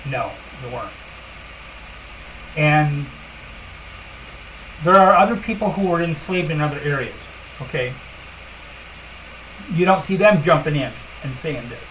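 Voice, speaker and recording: A woman's voice: sits low, animated, unhurried, long pauses, fairly bright tone, slight background noise, poor audio. A woman hosting a casual livestream, talking bluntly and emphatically with lots of fillers and asides at her computer. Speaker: livestream host.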